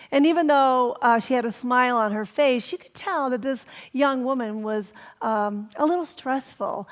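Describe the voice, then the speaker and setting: Woman reverend preaching in a reverberant hall. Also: a little high. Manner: gentle, drops to a whisper for emphasis. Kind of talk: sermon storytelling. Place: spiritual center hall.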